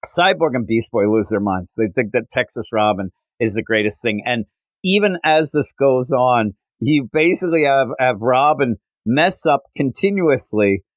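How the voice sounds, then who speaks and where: Male podcast host, chatty comic-book recap, mid pitch, dry close sound. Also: no echo, poor audio. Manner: animated recap, frequent fillers. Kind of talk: casual comic book review.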